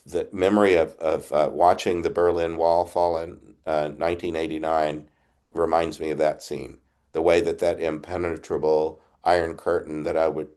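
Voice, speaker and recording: An older man, a priest, giving a reflective retreat talk over a video call, halting with frequent restarts. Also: deep voice. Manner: halting, many restarts, gentle laughs.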